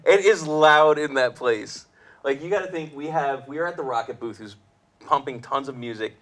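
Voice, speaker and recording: A man's voice: mid-range voice, normal speed, a bit bright. A man hosting a weekly live show in a casual, jokey way, laughing often between his remarks. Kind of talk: casual livestream chat.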